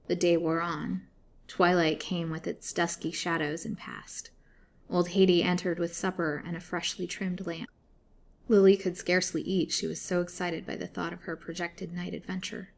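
Woman storyteller, lowish voice, steady expressive reading. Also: moderate pace, creaky. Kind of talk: scripted narration.

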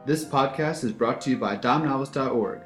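A man of middle pitch reads out closing credits in a measured, formal manner. The room sounds echoey, and soft music plays behind him. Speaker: podcast announcer. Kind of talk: scripted credits announcement. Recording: roomy echo with faint music behind.

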